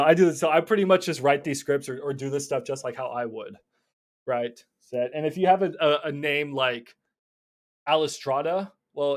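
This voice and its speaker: A young man teaching casually about cold calling, acting out both sides of phone calls in lively voices. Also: mid-range voice. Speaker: real estate wholesaling coach.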